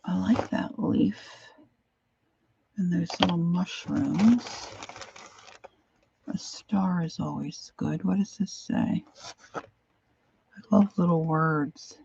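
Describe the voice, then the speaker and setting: A woman's voice: fairly low pitch, slow pace, creaky, pauses often, darkish tone, muffled recording, a little hiss or hum. A woman crafting and rambling to herself as she rummages, in casual chat.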